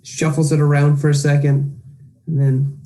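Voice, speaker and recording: A man's voice: on the high side, flat delivery, normal speed, warm tone. A man playing a tabletop game, hesitant, narrating his character's actions.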